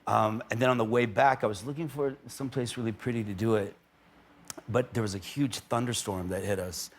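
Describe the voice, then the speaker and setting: A man's voice: fairly low pitch, steady tone, fairly quick, a little hiss or hum. A middle-aged man chatting casually as a talk show guest, rambling and laughing often. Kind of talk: casual chat.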